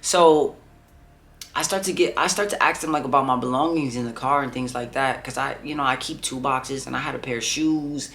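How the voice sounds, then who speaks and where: A man's voice: mid-range voice, brisk, fairly bright tone. A young man telling a personal story in a casual vlog, rambling and leaning heavily on "like" and "bro". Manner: rambling, heavy on filler "like" and "bro". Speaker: vlogger.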